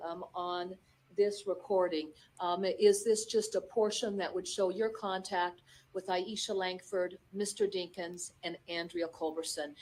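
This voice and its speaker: A woman's voice: on the low side, a little mellow. Formal woman prosecutor in court. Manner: formal, procedural. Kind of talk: courtroom examination.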